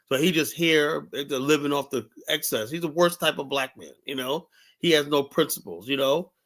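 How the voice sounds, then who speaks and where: Emphatic man with a higher voice. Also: a bit bright. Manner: emphatic, repetitive. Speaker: host. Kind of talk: reaction commentary.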